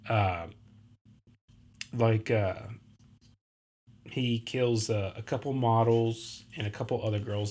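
A podcast host retells a film plot casually, rambling with lots of fillers and restarts and acting out quotes. His voice is fairly low and a little mellow, with a slight hiss or hum in the audio.

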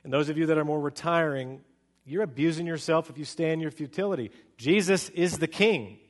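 A middle-aged man preaching a sermon as pastor, telling stories with animated swings from loud excitement to hushed, slow speech. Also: a little high, big-room sound.

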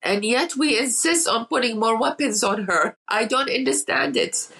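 A woman's voice: fairly high pitch, lively intonation, normal speed, creaky, fairly bright tone, breathy edge, rough recording. A woman from Iraq, an interview guest telling emotional stories and repeating words for emphasis. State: emotional, near tears. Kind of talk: emotional storytelling in conversation.

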